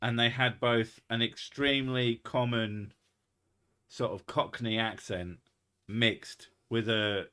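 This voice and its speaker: A man hosting a casual chat podcast, telling stories in an animated, sweary way. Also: mid-range voice, slow, clean tone. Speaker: podcast host.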